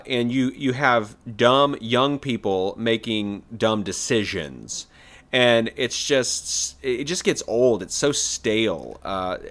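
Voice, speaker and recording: A laid-back young man runs through movie trailers in a casual podcast chat. He often drops in "man" and "yeah", and his voice sits at a middle pitch. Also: fairly bright tone. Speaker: podcast co-host presenting trailers.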